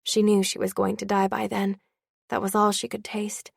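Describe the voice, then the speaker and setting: Gravelly young woman reading an audiobook. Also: mid-range voice, monotone, normal speed, dry recording, studio quality. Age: young adult. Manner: wry, confiding first-person voice. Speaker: audiobook narrator. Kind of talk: first-person audiobook narration.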